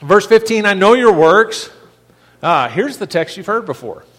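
A man's voice: sits high, big pitch swings, measured pace, fairly bright tone, long reverb tail. A man preaching a sermon as pastor, conversational, restarting his phrases often and rising in emphasis as he makes his points.

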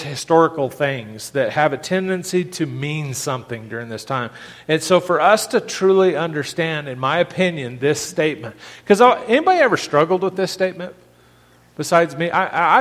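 A pastor delivers a conversational sermon, his high-pitched voice carrying through a church with a long reverb. He keeps restarting his phrases and then builds toward emphatic points. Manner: conversational preaching with frequent restarts and rising emphasis.

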